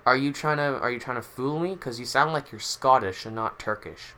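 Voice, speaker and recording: Podcast guy grilling his guest, teasing, laughs a lot, bright voice. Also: mid-range voice. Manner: teasing, quick to laugh, interrogating. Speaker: podcast host. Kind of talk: improvised comedy banter.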